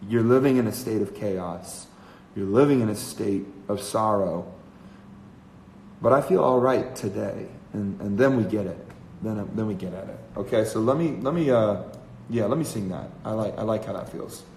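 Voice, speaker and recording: A male musician writing a song on a livestream. He mutters his ideas softly, letting phrases trail off, then sings trial lines. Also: lowish voice, moderate pace, roomy sound, slight background noise, rough recording. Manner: soft, trailing speech between sung phrases. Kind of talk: songwriting livestream, thinking aloud.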